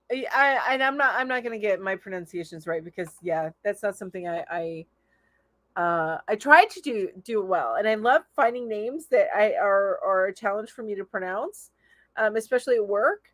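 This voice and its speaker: A woman's voice: on the high side, a bit bright, dry recording. A woman hosting a casual live stream, chatty and enthusiastic, reading out viewer comments and laughing often. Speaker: host of a live crochet chat show.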